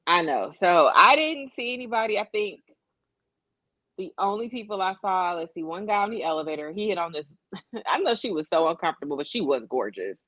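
A woman's voice: on the low side, a little fast, no room sound, dull audio. A woman co-hosting a casual podcast, telling stories with lots of acted-out quotes, speaking. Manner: animated storytelling with acted-out quotes. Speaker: podcast co-host. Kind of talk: casual chat.

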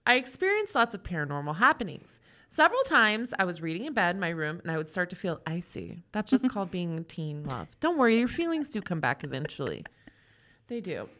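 A woman's voice: on the low side, fairly quick. A woman co-hosting a casual comedy podcast, reading listener ghost stories aloud and joking, laughing often. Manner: animated, jokey, laughs often, puts on silly accents. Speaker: podcast co-host.

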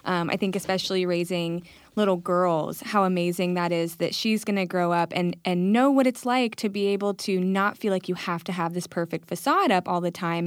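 A woman's voice: on the low side, dry recording, clean studio sound. A woman co-hosting a casual faith conversation, responding with affirming remarks. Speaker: podcast co-host.

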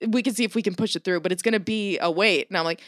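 A woman in casual chat who tells a story in an animated way, swears constantly and acts out the people she quotes. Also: mid-range voice, very fast, no room sound, clean studio sound.

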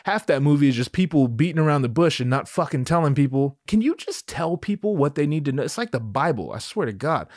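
A man's voice: a little high, animated, fast, hardly any pauses, no echo, studio quality. A man doing a comedic rant monologue, profane and rambling, with lots of slang.

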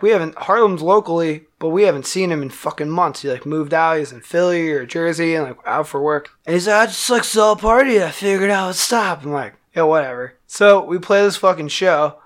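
A man, a band musician, telling a wild story in casual, profane talk, acting out the quotes loudly. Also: on the high side, fairly quick, hardly any pauses.

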